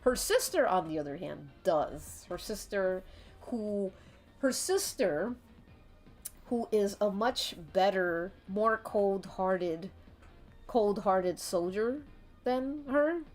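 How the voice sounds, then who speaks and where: Animated, giggly woman streamer. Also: medium pitch, takes it slowly. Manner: rambling, giggly, swears casually. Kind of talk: casual chat while drawing on stream. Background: faint background music.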